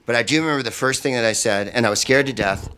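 Animated comedian spinning profane stories. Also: male voice, medium pitch, racing, clear, resonant tone. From San Francisco Bay Area. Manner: animated, profane anecdotes that jump into acted quotes. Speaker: comedian guest. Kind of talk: casual storytelling.

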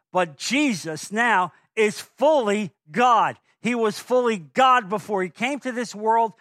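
Male pastor, high voice, dry close recording; fervent sermon delivery with rhetorical questions. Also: no echo. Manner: impassioned, rising to forceful emphasis with rhetorical questions; frequent fillers and restarts when speaking offhand.

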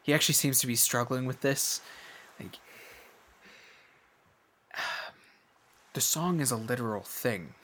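A man runs a tabletop game as game master, narrating at a slow, unhurried pace. His narration is loose and casual, full of fillers. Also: medium pitch, fairly bright tone, slight background noise.

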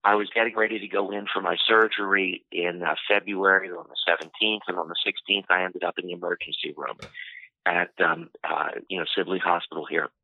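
A man telling a personal story in an interview, unhurried and full of "you know" fillers. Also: low voice, fairly even intonation, vocal fry, no room sound. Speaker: interview guest. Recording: tinny phone-line audio, dry.

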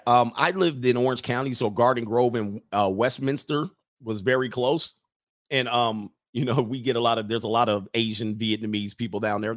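A man talking loosely on his own stream, wandering from one thought to the next. He jokes as he goes and stops to read out comments from viewers. His pitch sits in an ordinary middle range. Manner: rambling, joking, reads viewer comments aloud. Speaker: livestream host. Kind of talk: casual livestream monologue.

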